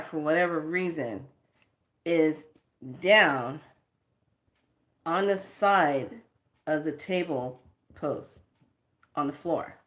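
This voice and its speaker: A woman spiritual teacher telling a story in an animated, emphatic and sassy way. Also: low-pitched.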